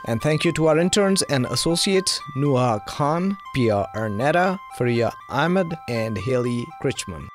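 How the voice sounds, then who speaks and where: A man co-hosting a podcast, asking questions and reading credits in a plain, even tone. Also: medium pitch, unhurried, few pauses, soft background music. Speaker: podcast co-host. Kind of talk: casual podcast chat and outro.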